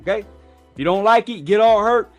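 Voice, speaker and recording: Blunt, profane man, high voice. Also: fairly quick, faint music behind. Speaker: show host. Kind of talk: casual profane talk show rant.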